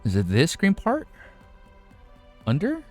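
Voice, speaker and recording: A young American man reacting to a webnovel on stream, excitable and swearing often, laughing as he talks. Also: on the high side, slow, soft background music. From United States. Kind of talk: casual reaction commentary.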